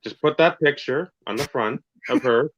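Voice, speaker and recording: A man co-hosting a casual podcast, tossing in dry, deadpan quips. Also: mid-range voice, moderate pace, lo-fi sound. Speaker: podcast co-host. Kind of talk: casual chat.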